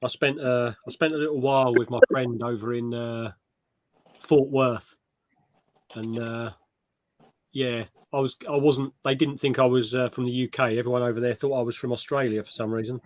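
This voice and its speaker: A man's voice: medium pitch, steady tone, moderate pace. A man co-hosting a live stream, chatting casually and laughing easily. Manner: easygoing, laughs often. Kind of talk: casual chat.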